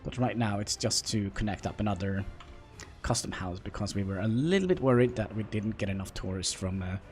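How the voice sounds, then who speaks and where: A man from Norway with a Norwegian accent, chatting with viewers while playing a game, halting and self-deprecating. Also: lowish voice, darkish tone. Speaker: livestreamer. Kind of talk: casual gameplay livestream commentary. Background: faint background music.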